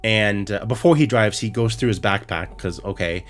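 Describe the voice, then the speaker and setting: Lowish male voice, ranting podcast recap. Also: normal speed, faint music behind. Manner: profane, exasperated ranting with many restarts. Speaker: podcast co-host.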